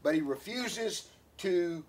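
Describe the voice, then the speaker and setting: A man's voice: high-pitched, animated, slow, husky. A man, co-hosting a casual podcast chat, rambling with lots of fillers and restarts. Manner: rambling, many fillers and restarts, laughs often. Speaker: podcast co-host.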